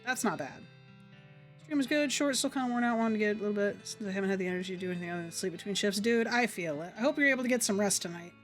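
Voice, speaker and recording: With faint music behind her, a young woman talks very fast in a mid-range voice while streaming a game. She chats casually with viewers and reads the game text aloud upbeat.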